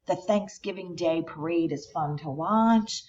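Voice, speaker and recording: A woman voicing a cheerful crocodile-like schoolteacher in a higher, brighter voice. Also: a little slow, dull audio, close to an everyday voice. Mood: teacherly.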